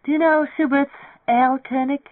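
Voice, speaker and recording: A reader voicing an exuberant young woman pianist, in a higher, gushing voice over a tinny, dry radio recording. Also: fairly even intonation, moderate pace, natural voice.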